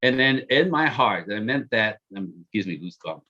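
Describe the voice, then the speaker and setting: On a podcast, a man tells how he met his partner, animated and self-mocking and laughing often. His voice is lowish at a moderate pace, and the audio is dull.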